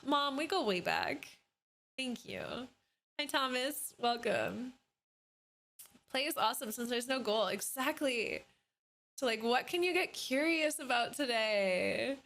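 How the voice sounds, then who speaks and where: High-voiced excited woman streamer. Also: slow. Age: 30s. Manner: enthusiastic and animated, swears casually. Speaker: livestreamer. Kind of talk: casual livestream chat. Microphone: desk microphone.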